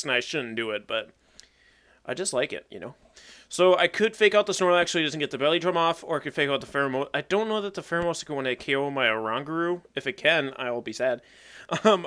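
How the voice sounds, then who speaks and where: A man's voice: a little high, pushed and bright. A young man chatting casually as he plays and commentates a competitive Pokemon battle, thinking aloud and joking at himself. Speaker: gaming YouTuber.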